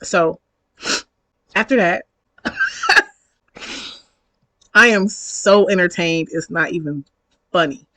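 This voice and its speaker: A woman's voice: lowish voice, unhurried, long pauses, sharp tone, no echo, low-quality recording. Chatty woman in her thirties telling a story. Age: 30s. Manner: chatty, slangy, reenacts dialogue, laughs often. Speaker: vlogger. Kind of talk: casual storytime vlog.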